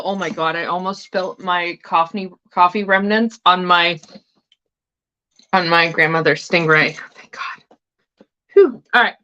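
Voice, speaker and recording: A woman's voice: on the low side, unhurried, pauses often, sharp tone, dull audio. A woman hosting a tarot livestream, chatting casually and swearing freely while she snacks between thoughts.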